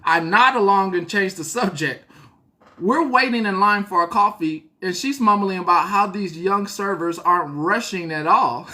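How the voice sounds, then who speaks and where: Bright-voiced woman reading a story aloud. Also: medium pitch, moderate pace. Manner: blunt and profane asides. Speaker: host.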